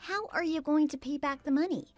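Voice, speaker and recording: Brief: female text-to-speech voice as a worried wife, higher pitch, lively, dry close sound. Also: fairly quick, no echo, soft background music, close to an everyday voice. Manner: anxious, pressing questions. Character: worried adult wife questioning her husband. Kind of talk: text-message story voice-over.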